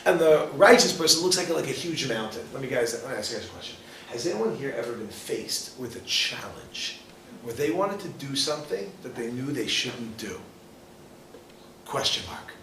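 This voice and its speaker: A man's voice: mid-range voice, big pitch swings, moderate pace, background noise. A male rabbi teaching a class to a live audience, joking and firing questions at the listeners. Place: lecture hall with audience. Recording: roomy, distant mic, faint ambience.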